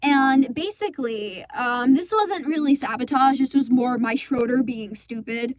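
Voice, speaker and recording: A high-pitched, indignant teenage girl, voiced by a woman rambles through her storytime with exasperation and frequent swearing. The sound is close and dry, like a home booth for a fan comic dub. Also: measured pace, no echo. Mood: exasperated. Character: indignant teenage girl recounting a school play disaster.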